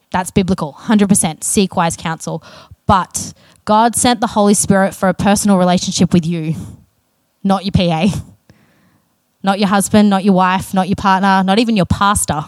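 A woman's voice: mid-range voice, moderate pace, no echo. A woman preaching a sermon in an earnest, conversational way, with casual self-aware asides.

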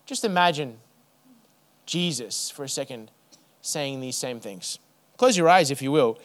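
A man preaching a sermon to his church, building rhythmic lists and then dropping to a soft hush. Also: mid-range voice, lively intonation, unhurried. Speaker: pastor.

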